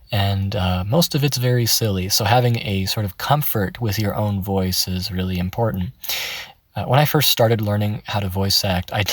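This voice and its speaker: A man's voice: on the low side, dry recording. Chatty man teaching voice acting. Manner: relaxed, chatty, laughs often. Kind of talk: casual tutorial. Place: in his car.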